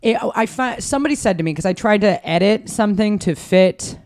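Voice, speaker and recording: A woman's voice: medium pitch, animated, a little fast, a little mellow. An American woman comedian with an East Coast accent, telling stories animatedly and swearing freely as a podcast guest. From United States. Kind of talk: casual interview chat.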